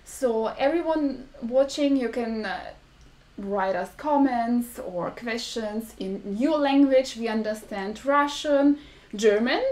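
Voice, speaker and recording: A woman hosts a relaxed mukbang live stream, chatting with her viewers. She speaks slowly and deliberately, in a friendly, talkative manner. Her voice sits a little high. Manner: slow, deliberate speech for viewers; friendly, chatty, laughs often. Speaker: vlog host.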